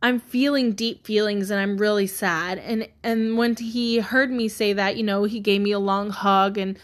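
A woman in her thirties talking earnestly and haltingly about loss and gratitude, emotional at times. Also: mid-range voice, fairly even intonation. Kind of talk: personal reflective monologue.

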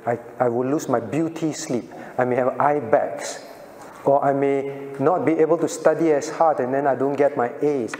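A man's voice: medium pitch, fairly even intonation, moderate pace, warm tone. A male pastor leading an interactive Bible class in earnest tones, putting questions to the class and calling on people by name. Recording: echoey hall sound.

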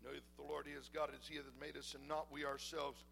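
A man preaching a sermon as pastor, swinging between loud, emphatic declarations and soft, intimate talk to the congregation. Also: fairly high pitch, little pitch movement, quick pace, vocal fry, slight background noise, poor audio.

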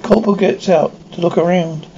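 Male reader, high voice, narrates and voices all parts plainly; lo-fi home-style recording. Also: fairly even intonation, fairly quick. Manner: unpolished reading with frequent slips and restarts. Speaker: audio describer and reader. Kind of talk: reading a described episode aloud, voicing all parts plainly. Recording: dull lo-fi recording with faint noise.

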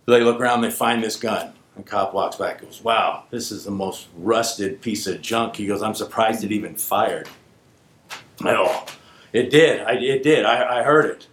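A man's voice: fairly low pitch, moderate pace, reverberant, slight background noise. A man casually telling a true story from his working days, acting out the voices of the people in it. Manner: animated, acts out quoted voices. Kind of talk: casual spoken anecdote.

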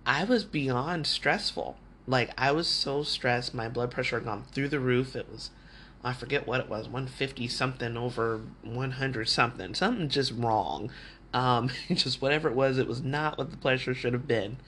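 On his advice podcast, a man with a medium pitch and a somewhat bright tone speaks at a moderate pace, candid and chatty, regularly acting out what others told him. There's slight background noise.

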